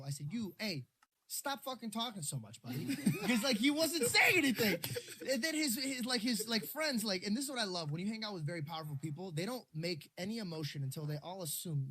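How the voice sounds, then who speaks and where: A man's voice: sits high, fast, a little hiss or hum. A man, a stand-up comedian, telling stories in a casual podcast chat and putting on voices for the people in them. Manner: animated, puts on voices for the people in his stories.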